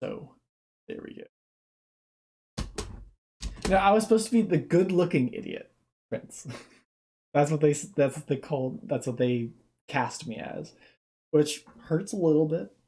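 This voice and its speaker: A man's voice: on the high side, animated, measured pace, pauses often, mellow. A young man giving casual reaction commentary, rambling off on tangents and restarting his sentences.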